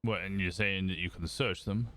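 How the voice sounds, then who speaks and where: A man with a fairly low voice role-plays a police sergeant in a game session. He talks in a stern, lecturing tone and lays down the rules firmly. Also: fairly even intonation, moderate pace, bright, forceful tone. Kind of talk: role-play game chat.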